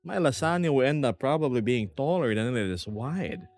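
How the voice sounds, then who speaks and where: A young man streaming from his small apartment, chatting casually with viewers and reading their comments aloud in a lively, self-deprecating way. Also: mid-range voice, moderate pace, faint music behind. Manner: animated, self-deprecating, reads chat aloud. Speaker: VTuber streamer. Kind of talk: casual livestream chat.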